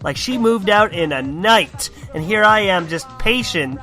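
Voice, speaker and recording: A man's voice: high-pitched, lively intonation, measured pace, bright, forceful tone, faint music behind. A young man hosting a casual podcast, rambling and profane, joking about himself. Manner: rambling, profane, self-deprecating. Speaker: podcast host.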